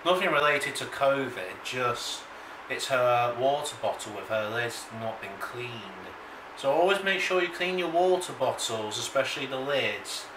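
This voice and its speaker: A man rambling slowly to the camera in a casual vlog monologue, recorded at home. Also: mid-range voice. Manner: slow, meandering, talks to himself. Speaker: vlogger. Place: room at home. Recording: echoey room, distant mic, background noise.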